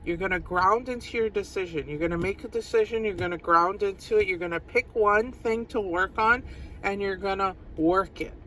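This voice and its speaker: A woman's voice: medium pitch, moderate pace, fairly bright tone, slight background noise, poor audio. A woman giving a casual tarot reading to her viewers, chatty and giggly, repeating phrases for emphasis. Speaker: tarot reader.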